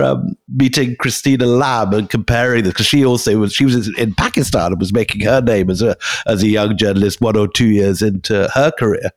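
A middle-aged man co-hosting a podcast, speaking in a measured, thoughtful way in casual conversation. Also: lowish voice. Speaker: podcast co-host.

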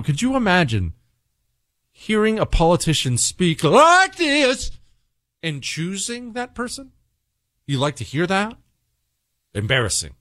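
A man's voice: sits high, a bit bright, dry recording, clean studio sound. A young adult man hosting a talk radio show, ranting emphatically and sarcastically in repeated punchy lines. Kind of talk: opinionated talk radio monologue.

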